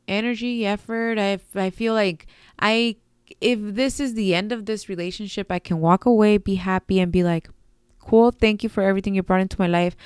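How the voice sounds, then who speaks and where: A woman's voice: medium pitch, clean tone, no echo, studio quality. A young adult woman hosting her own podcast, talking candidly and from the heart about friends and family, with frequent fillers and casual swearing. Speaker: podcast host. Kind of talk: casual solo podcast talk.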